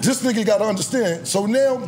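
A man's voice: high voice, brisk, darkish tone, soft background music. A man, a rapper telling a long story with constant laughter, slang and swearing. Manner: laughs through his lines, swears freely, slangy. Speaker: rapper guest. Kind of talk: animated anecdote telling.

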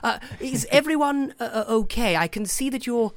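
A game master voicing a flustered, scatterbrained female god, talking in a rushed way. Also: mid-range voice, no echo, voice pushed up, lightly acted.

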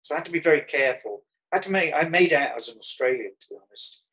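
A man's voice: a little high, animated, fast, pushed and bright, breathy edge, low-quality recording. A man from Birmingham with a Birmingham accent, telling a rambling travel anecdote in an interview, full of restarts and chuckles. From Birmingham, England. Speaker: artist guest. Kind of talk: conversational interview, storytelling.

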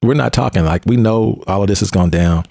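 A man hosting a conversation, a police officer and mentor telling a story in an animated way and often restarting his phrases. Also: lowish voice, brisk, creaky, no echo, clean studio sound.

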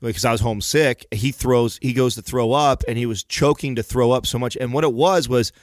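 A man's voice: mid-range voice, a little fast, no echo, studio quality. A man telling a long story in casual chat, rambling and swearing freely as he goes.

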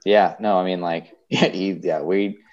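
A man's voice: sits low, fairly even intonation, a little slow, darkish tone, lo-fi sound. A young man chatting casually as a podcast guest, rambling and emotional, full of fillers and restarts. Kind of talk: casual chat.

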